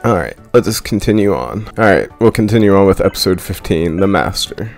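A man's voice: deep voice, expressive, brisk, creaky, soft background music. A man giving irritable, profanity-heavy commentary while playing a video game. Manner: irritable, swears constantly. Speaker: gameplay streamer. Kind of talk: let's play commentary.

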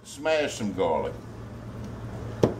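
A man's voice: lowish voice, sing-song, takes it slowly, heavy background noise. A man with a Louisiana Cajun accent hosting a home cooking video, folksy and joking, swearing freely as he works. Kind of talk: casual cooking demonstration.

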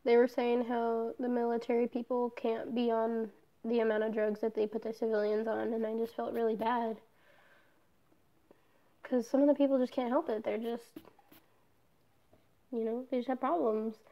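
A woman's voice: a little high, little pitch movement, normal speed, pauses often, highs cut off. A young woman in a casual personal vlog, talking candidly, swearing often and trailing off with fillers. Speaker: vlogger.

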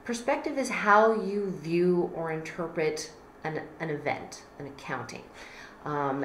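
A woman's voice: lowish voice, reverberant, slight background noise, poor audio. A woman teacher explaining a class assignment in a conversational way, acting out quoted friends now and then.

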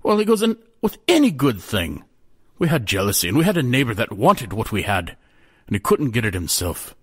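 A man's voice: mid-range voice, sing-song, fairly quick, fairly bright tone, breathy edge, dry recording, studio quality. A man voicing a weathered old former blacksmith's apprentice, telling a tale in old-fashioned speech. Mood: solemn, wistful. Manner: old-fashioned storytelling speech, calls listener lad.

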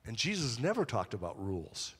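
A man preaching a sermon as pastor, animated, leading the congregation to repeat lines back to him. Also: medium pitch, a little fast, slightly rough. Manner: animated preaching with call-and-response. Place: church auditorium. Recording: long hall reverb.

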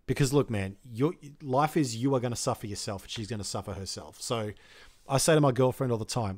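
A man's voice: mid-range voice, brisk, a little mellow. A young man hosting an advice channel, talking bluntly and directly, swearing freely as he coaches a viewer. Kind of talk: casual advice talk to camera.

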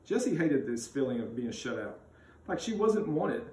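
Animated male storybook reader. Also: mid-range voice, moderate pace. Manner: expressive, animated narration. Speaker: school read-aloud reader. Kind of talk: storybook read-aloud. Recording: roomy sound, mic at a distance.

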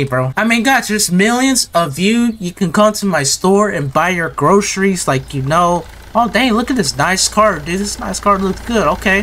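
A man's voice: sits high, sharp tone, slight background noise. A man giving casual, rambling gameplay commentary, chatting in slang to his viewers and to the customers in the game.

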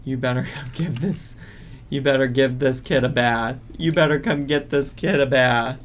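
A man's voice: medium pitch, normal speed. A man streaming a life-sim game, ranting in exasperation at the characters on screen. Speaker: gaming streamer. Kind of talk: casual gameplay commentary.

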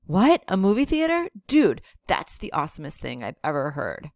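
A woman reading aloud and voicing an excitable teenage boy who talks in brash, hyped-up slang. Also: deep voice, moderate pace, dry recording, clean studio sound, exaggerated voice. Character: excitable teen boy, loud, show-off joker.

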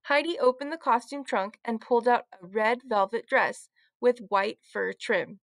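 A woman teacher reading a children's book aloud, with clear, expressive storytelling. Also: fairly high pitch, moderate pace, no echo.

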